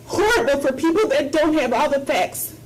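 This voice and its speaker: A woman's voice: high-pitched, lively intonation, normal speed, noisy background. A woman speaking as a university board trustee, making an impassioned, emphatic statement at a board meeting and repeating her points for effect. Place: meeting room.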